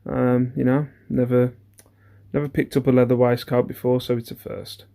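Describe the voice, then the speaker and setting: A man's voice: medium pitch, level tone, normal speed, gravelly, dark tone. A man, chatting casually through an eBay reseller's haul video. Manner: chatty, rambling, self-deprecating, many ums.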